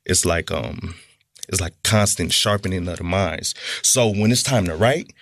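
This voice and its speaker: A man's voice: low-pitched, a little slow, gravelly, fairly bright tone, no room sound, studio quality. A middle-aged man, a guest author, telling stories in a laid-back, slangy way during casual podcast chat.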